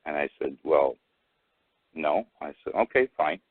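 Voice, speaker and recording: A man phones in to a talk show and tells his story in halting, rambling bursts, packed with fillers and restarts as he quotes what each person said. His voice sits very low and husky. The call comes through a thin, dry phone line. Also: expressive, no room sound. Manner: retells exchanges by quoting both sides. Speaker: caller.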